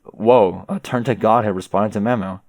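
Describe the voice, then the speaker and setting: A man with a lowish voice reads a webcomic aloud in a casual, deadpan manner, stopping now and then to react. The sound is dry and close, with no room around it. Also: normal speed, no echo. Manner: reads chat logs aloud in a deadpan voice, laughing between them. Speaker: reader of a webcomic.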